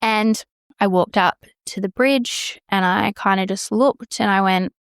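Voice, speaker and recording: A woman shares a hard personal story on her podcast, candid and unfiltered, swearing freely. Her voice is smooth and clear at a middling pitch, recorded close and dry with no room sound. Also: a little slow, no echo. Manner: frank, swears freely, acts out quoted exchanges. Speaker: podcast host.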